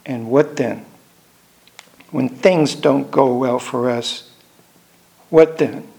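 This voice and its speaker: An older man preaching a sermon in a measured way, repeating phrases for emphasis. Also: mid-range voice, vocal fry, a little mellow.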